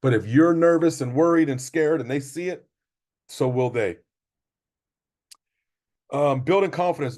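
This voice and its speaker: A man's voice: on the high side, a little slow, long pauses, a little mellow. A middle-aged man, a basketball coach, giving an emphatic motivational talk to sports parents. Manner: repetitive, emphatic motivational delivery. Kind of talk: parent training presentation.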